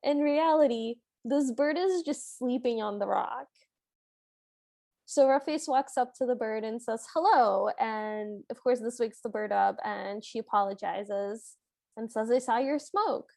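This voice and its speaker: A giggly woman co-host with a high voice, recapping a film playfully. She is close to the mic, and the sound is dry with no room at all. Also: measured pace, creaky, dark tone, dry recording. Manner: giggly, playful, reads out scenes. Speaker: podcast co-host. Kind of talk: casual film recap chat.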